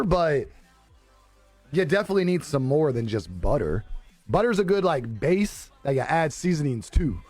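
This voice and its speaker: A young man with a fairly high voice chats casually on a live stream, reading viewer comments, laughing often and swearing freely. The sound is dry and close with no room sound and faint music behind.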